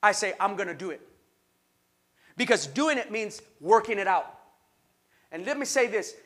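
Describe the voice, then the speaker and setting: A man preaching a sermon with impassioned, rhythmic repetition, rising to shouts. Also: sits high. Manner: rhythmic repetition, call-and-response. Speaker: pastor.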